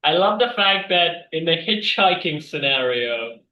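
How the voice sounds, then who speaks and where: A man hosting an improv game, giving brisk instructions and chuckling asides over a video call. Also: a little high, expressive. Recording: distant, dull, echoey mic.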